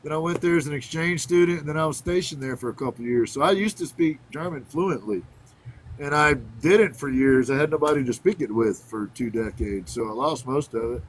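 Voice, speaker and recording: A man's voice: medium pitch, fairly quick, a little hiss or hum, rough recording. A man hosting a casual interview, easygoing and agreeable as he shares his own experiences.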